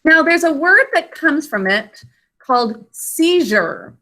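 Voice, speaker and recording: A woman's voice: high voice, sing-song, slow, sharp tone. A woman teaching an online spelling lesson to children over a video call, patient and careful as she sounds out words.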